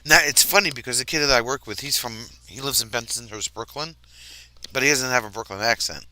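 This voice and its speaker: A man's voice: medium pitch, a little fast, sharp tone. A man from near New York, hosting a casual livestream chat, laughing often and trailing off mid-sentence. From New Jersey, near New York. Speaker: livestream host. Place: RV campground, livestream.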